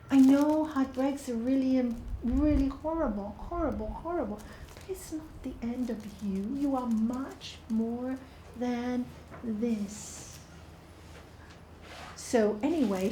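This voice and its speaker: Unhurried woman in an echoey room. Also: on the high side, slight background noise. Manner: soft, unhurried, hushed in the meditation parts. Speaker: spiritual speaker. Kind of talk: informal inspirational talk. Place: yoga studio.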